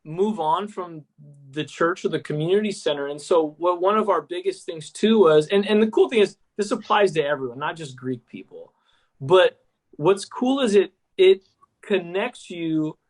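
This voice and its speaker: Upbeat man with a higher voice. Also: animated, moderate pace. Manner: enthusiastic, loose, full of "like" and "cool". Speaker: app co-founder, guest. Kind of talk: casual podcast chat.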